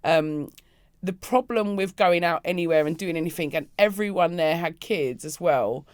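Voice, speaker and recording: A woman's voice: on the low side, moderate pace, no echo, clean studio sound. A woman, chatting casually as a podcast co-host and comedian and acting out the people in her stories. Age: 40s. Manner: animated storytelling, acting out other people's voices. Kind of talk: casual chat.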